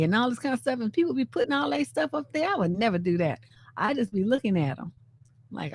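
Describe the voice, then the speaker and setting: A woman from San Francisco hosts a casual live stream and riffs on memes with plenty of energy. Her voice sits fairly high, and she slips into lively put-on voices when she acts out the quotes. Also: fast talker, husky. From San Francisco, USA. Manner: chatty and animated, often laughing, acting out quoted lines.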